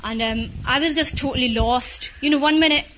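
A woman's voice: sits high, a little fast, fairly bright tone, dull audio, slight background noise. A young woman with a Scottish accent giving a personal testimony in a chatty way, full of fillers and with Urdu words mixed in.

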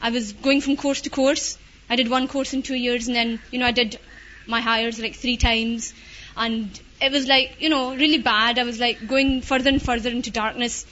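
A young Scottish woman with a high voice tells her personal story in a chatty, filler-heavy way, slipping Urdu words into her English. The recording is dull and lo-fi, with a faint hum behind her. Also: steady tone, normal speed, a bit bright. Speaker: student giving a testimony. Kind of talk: personal testimony.

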